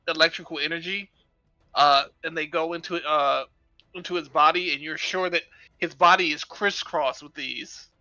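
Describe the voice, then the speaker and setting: Bright-voiced man describing a character hesitantly. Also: a little high, dry recording, dull audio. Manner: hesitant, many fillers and restarts. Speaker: game master. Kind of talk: descriptive tabletop narration.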